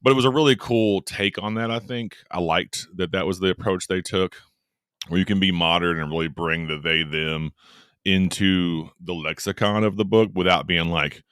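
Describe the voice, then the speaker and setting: A man's voice: sits low, normal speed, a bit bright, clear, resonant tone, no room sound, clean studio sound. A man co-hosting a podcast, chatting about a book in a rambling, enthusiastic way that trails off mid-sentence. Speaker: podcast co-host. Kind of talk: casual book discussion.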